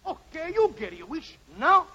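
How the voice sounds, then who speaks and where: A squeaky impish wish-granting sprite. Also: male voice, sing-song, moderate pace. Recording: dull noisy old radio recording.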